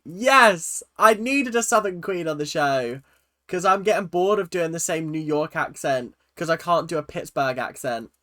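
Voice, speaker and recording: A man hosting a reaction video, talking casually with a bright, lively voice. He jokes around and laughs at himself as he comments. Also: high voice, normal speed. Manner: animated, jokey, laughs at himself.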